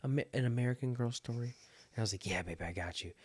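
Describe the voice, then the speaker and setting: Casting: man in his thirties, casual podcast co-host, animated storyteller who laughs a lot. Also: medium pitch, fast, slightly rough. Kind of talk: casual chat.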